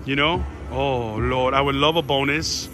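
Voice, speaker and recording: A man in a casino, calling out his slot spins to viewers with excited shouts and groans. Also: medium pitch, unhurried, faint music behind. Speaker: slot machine vlogger. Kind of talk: excited live slot commentary. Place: casino floor.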